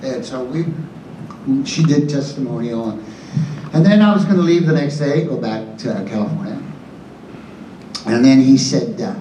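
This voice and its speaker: A man's voice: mid-range voice, lively intonation, normal speed, long pauses, warm tone. A man in his seventies telling a rambling, chatty story as a guest on a convention panel, often restarting his sentences. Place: large convention hall. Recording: roomy hall, distant mic, faint hum.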